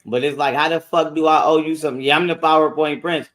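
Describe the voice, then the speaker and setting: A man with a slightly high voice ranting on a livestream. He is profane and defensive, and he circles back over the same points again and again. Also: fairly even intonation, fairly quick, fairly bright tone.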